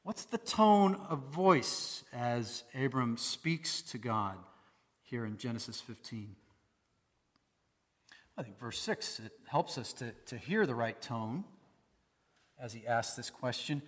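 A man's voice: mid-range voice, expressive, slow pace, fairly bright tone, big-room sound. A man preaching a sermon in a conversational way, posing rhetorical questions to his listeners. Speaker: pastor.

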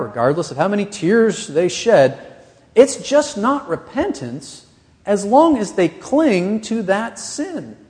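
A man's voice: high-pitched, a little mellow, big-room sound. A man preaching a sermon as pastor of a church, earnest and pressing his points with rising emphasis.

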